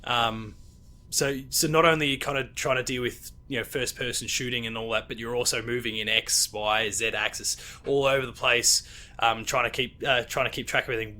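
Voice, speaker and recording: A man's voice: mid-range voice, fairly even intonation, normal speed, bright, forceful tone. An Australian man hosting a casual gaming podcast, rambling with lots of fillers and restarts. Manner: rambling, hesitant with many fillers. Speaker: podcast host. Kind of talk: casual chat.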